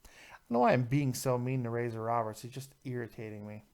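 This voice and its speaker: A man's voice: mid-range voice, fast talker, a little mellow. A man hosting a live call-in review show, talking in a brash, profane, mocking way as he answers chat comments. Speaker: show host reviewing wrestling.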